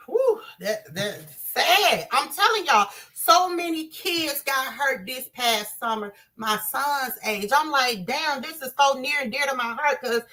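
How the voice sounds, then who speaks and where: A woman's voice: sits high, animated, slow, sharp tone. A woman, speaking passionately to her viewers and calling them y'all. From Southern US. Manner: impassioned, addresses viewers as y'all. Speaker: commentator. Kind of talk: emotional commentary to viewers.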